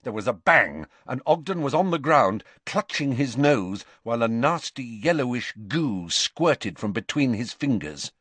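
A man narrating an audiobook in a measured, expressive storytelling voice. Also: mid-range voice, slightly rough, dry recording. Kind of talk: scripted narration.

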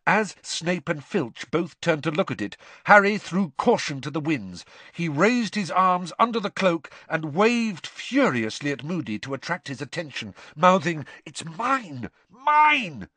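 Male audiobook narrator, lively melodic reading, bright crisp tone, dramatic delivery. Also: on the high side, a little slow, few pauses, dry recording. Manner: expressive, dramatic storytelling. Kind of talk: scripted narration of a novel.

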